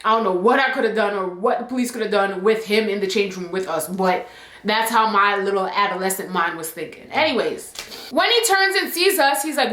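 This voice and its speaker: A young woman telling a personal story on her vlog, animated and emphatic, often adding "like" and "okay?", in an echoey room. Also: a little high, fairly quick. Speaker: YouTube storyteller.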